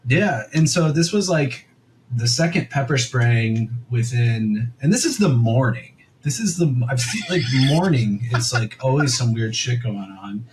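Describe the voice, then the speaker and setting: A man's voice: mid-range voice, lively intonation, measured pace, slight background noise, rough recording. A young man co-hosting a podcast, telling a story in a rambling, casual way full of "like" and quoted asides. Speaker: podcast co-host.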